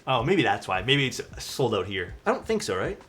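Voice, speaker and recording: A man's voice: mid-range voice, very animated, normal speed, a bit bright, faint music behind. A man casually chatting with his stream chat while building a keyboard. He answers questions as they come, often trails off and restarts, and sometimes drifts away from the desk mic.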